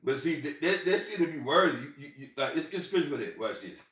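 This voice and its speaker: A man's voice: on the high side, lively intonation, a bit bright. Rambling man, far from the mic. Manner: halting, repetitive restarts and profanity. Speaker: vlogger. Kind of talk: rambling personal storytelling. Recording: roomy sound, far from the mic.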